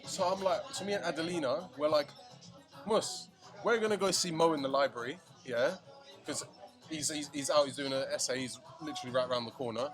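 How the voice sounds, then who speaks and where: A young man, telling a night-out story in casual podcast chat, animated, slangy and swearing. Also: on the high side, fairly quick. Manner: animated, swearing, slangy, acts out friends' lines. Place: shisha lounge. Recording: music playing behind.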